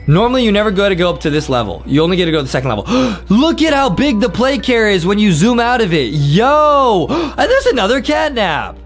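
Excited gamer guy, high bouncy voice, lots of yelling and "bro". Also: a little fast, few pauses, soft background music. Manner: hyped and exclamatory, says bro a lot. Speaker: gaming channel co-host. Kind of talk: excited gameplay commentary.

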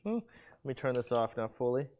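A man's voice: mid-range voice, big pitch swings, moderate pace, darkish tone. A young man streaming from his home kitchen, chatting casually and loosely, with some swearing, while cooking and calling his dogs.

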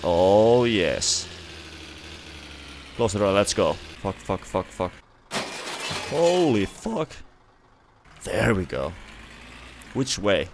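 Excitable Finnish-accented gamer guy. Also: deep voice, slight background noise. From Finland. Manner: excitable, swearing, shouting at the game. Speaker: gaming youtuber. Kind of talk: let's play commentary.

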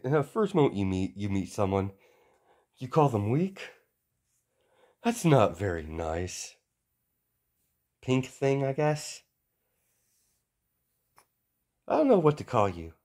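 A man voicing a polite but cocky young male hero who turns taunting, in a halting delivery. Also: lowish voice, darkish tone, exaggerated voice.

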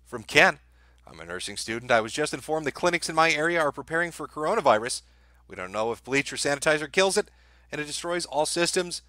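A man hosting a livestream, reading out viewer messages and answering them in a sardonic, deadpan way with plenty of swearing. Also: medium pitch, dry recording. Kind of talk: casual livestream commentary.

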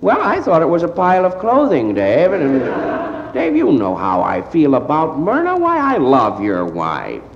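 A man on stage performs a one-sided phone call, groggy and sheepish, stumbling over his words. His pitch swings widely from sigh to yelp. It is an old, dull, hissy vinyl recording with a long, roomy echo. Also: wildly swooping pitch, a little slow, vocal fry. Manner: groggy, stammering, sheepish hungover rambling. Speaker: stand-up comedian.

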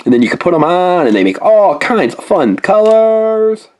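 A woman's voice: on the low side, moderate pace. A woman hosting a playful toy unboxing, exclaiming over each find and coaxing a young helper along. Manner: animated, exclaiming over toys, coaxing a child.

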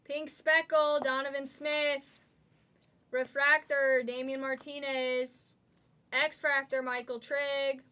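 A woman hosting a live trading card break, excitedly calling out each card as she pulls it. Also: high-pitched. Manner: excitable, calls out cards rapidly.

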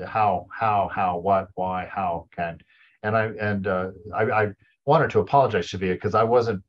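A husky, slightly breathy man speaks in a low voice, teaching a group in a loose, conversational spiritual talk. He chuckles often and circles back over his own words. The recording sounds dull and lo-fi. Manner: restarts and repeats words when searching for phrasing. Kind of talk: informal dharma talk to a group.

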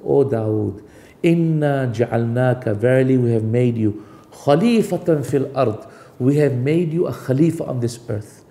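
Male preacher, gravelly and mellow, recites verses then explains them, rhetorical questions. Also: mid-range voice. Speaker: Islamic preacher. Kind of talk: sermon with Quranic recitation and translation.

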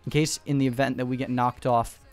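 A man giving fast, excitable gameplay commentary from home, repeating short calls in quick bursts. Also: medium pitch, faint music behind. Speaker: gaming YouTuber. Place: home room.

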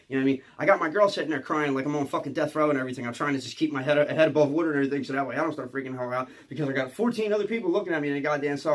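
Fast-talking Philly man telling a story. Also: fairly high pitch. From Philadelphia area. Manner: rambling, profane, tags lines with "okay?". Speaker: comedian. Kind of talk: storytime monologue.

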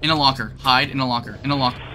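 A man playing a horror game with a friend, bantering, swearing and shouting when startled. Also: medium pitch, rapid-fire, background noise. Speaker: gamer streamer. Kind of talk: casual gaming banter.

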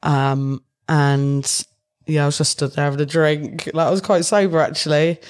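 A woman's voice: deep voice, level tone, normal speed, darkish tone. A young British woman from the UK, chatting casually as an interview guest, rambling with fillers and frequent laughter. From United Kingdom. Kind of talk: casual chat.

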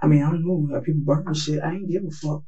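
A man's voice: fairly high pitch, steady tone, fast talker, lo-fi sound. A man under police interrogation, rambling and profane, mumbling at times and growing agitated at others. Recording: distant mic with faint noise.

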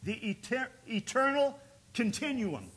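A man preaches in a church sanctuary with a high, bright voice. He swells into loud exhortation, then drops low and soft to tell a story. It is the sound of a pastor delivering a sermon. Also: very animated, measured pace, slightly rough. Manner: preaches with rising bursts and quiet storytelling dips.

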